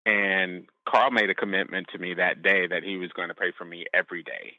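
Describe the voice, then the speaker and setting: A man sharing a personal testimony as a podcast guest, speaking in a halting, reflective way with frequent restarts. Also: deep voice, dry recording, narrow, tinny audio.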